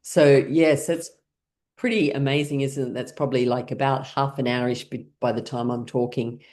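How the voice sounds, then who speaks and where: A woman's voice: extremely low pitch, steady tone, moderate pace, a little mellow. A woman teaching an online laughter class, guiding playful pretend scenes and breaking into frequent bursts of laughter. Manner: playful, leading imaginary scenarios.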